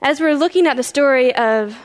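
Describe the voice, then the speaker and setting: Lady pastor retelling a bible story, high voice, big echoey hall. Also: brisk. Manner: animated retelling with character voices. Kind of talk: storytelling sermon. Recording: reverberant hall.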